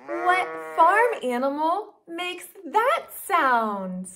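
A woman hosting a toddler learning video, speaking slowly and sounding out words in an exaggerated teaching manner. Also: very high voice, sing-song, bright, forceful tone. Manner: slow, exaggerated, sing-song teaching to toddlers. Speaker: children's educational video host. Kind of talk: toddler speech lesson.

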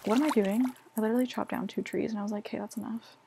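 A young woman talks her way through a game in loose, chatty commentary, teasing herself and leaning on filler words. Her voice has a slightly gravelly edge at a mid pitch. The home recording carries clear background noise. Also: steady tone, rapid-fire. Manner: chatty, self-mocking, lots of fillers like "like" and "literally". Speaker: gaming vlogger. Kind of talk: casual gameplay commentary.

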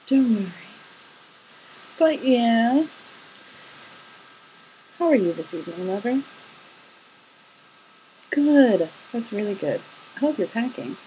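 A woman's voice: fairly high pitch, big pitch swings, slow pace, long pauses, warm tone, a little hiss or hum, rough recording. A young woman recording a video diary at home at night, talking to her partner in a chatty, giggly and affectionate way. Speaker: vlogger.

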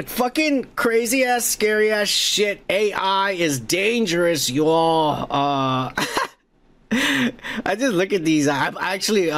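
Gravelly-voiced man in profane casual chat. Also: on the high side. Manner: profane, joking, toasts viewers loudly. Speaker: podcast host. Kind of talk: casual comment-reading chat.

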